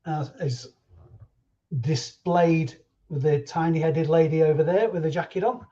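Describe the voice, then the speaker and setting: A man's voice: on the high side, a little slow, warm tone, lo-fi sound. A man hosting a casual live stream, chatty and jokey as he reads out viewers' names. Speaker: reseller livestream host.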